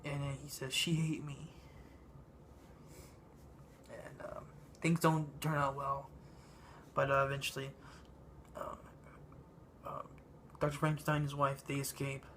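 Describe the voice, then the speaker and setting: A man giving a casual spoken movie review, halting and meandering, with lots of ums and uhs. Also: mid-range voice, completely flat delivery, a bit bright, a little hiss or hum. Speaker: film reviewer.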